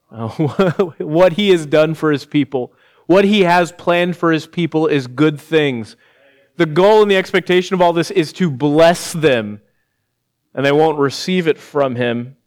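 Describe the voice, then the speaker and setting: A middle-aged man preaching an evening sermon, reading scripture and turning animated and emphatic, with laughing asides. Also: fairly high pitch. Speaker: pastor.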